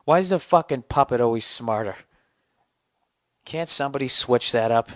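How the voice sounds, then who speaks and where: A man's voice: medium pitch, normal speed, fairly bright tone, dry recording. A man in his forties hosting a podcast, ranting casually with profanity and sarcasm on a close studio mic. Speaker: podcast host. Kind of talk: casual comedic rant.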